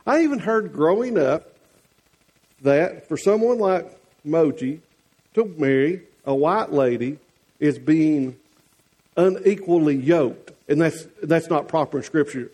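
A man's voice: a little high, expressive, a little slow, mellow. A man with a Southern US accent preaching a sermon as the church's pastor, folksy and teasing one moment, earnest the next.

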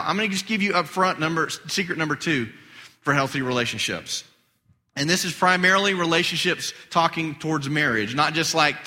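A male pastor giving an animated, conversational sermon, his voice getting hoarse. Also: fairly high pitch. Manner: animated, conversational preaching with acted-out quotes. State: losing his voice. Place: church sanctuary. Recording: long hall reverb.

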